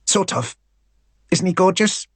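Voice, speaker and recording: A man voicing a young woman trainee reporter who is blunt, brisk and dotes on the office dog. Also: sits high, expressive, fairly bright tone, husky, no room sound, voice pushed up, full character voice. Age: young adult. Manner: brisk, snappish, fussing over the dog.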